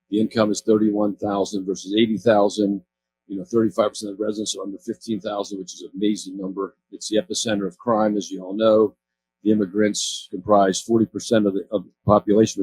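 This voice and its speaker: A sixty-something Californian man with a fairly low, slightly mellow voice gives a storytelling talk on community work at an event stage. His delivery rambles and self-corrects with chuckles, and the low-quality recording carries some slight background noise.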